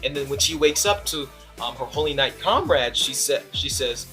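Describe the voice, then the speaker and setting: A young man giving a casual, rambling anime episode review, excitable and full of fillers and restarts. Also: mid-range voice, normal speed, soft background music.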